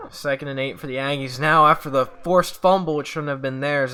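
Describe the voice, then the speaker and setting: A man's voice: mid-range voice, fairly even intonation, a little fast, few pauses, pushed and bright, clear, resonant tone. A man giving sportscaster-style play-by-play of a video game he is playing, often slipping into frustrated venting with sighs. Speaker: gamer doing play-by-play of his own game. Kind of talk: casual video game commentary.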